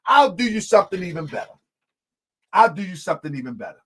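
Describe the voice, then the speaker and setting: Debater: a man with a strikingly high voice, shouts his points and hammers them home with repeats. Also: very animated, quick pace, slightly rough. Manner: emphatic, often shouting, repeats lines for effect; addresses the audience as family. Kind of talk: heated live debate.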